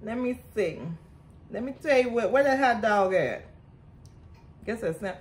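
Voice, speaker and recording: Talking to "y'all" throughout, a chatty woman eats on camera in a casual vlog and describes her meal as she goes. She's an adult with a son, and her voice sits on the high side, animated but measured in pace.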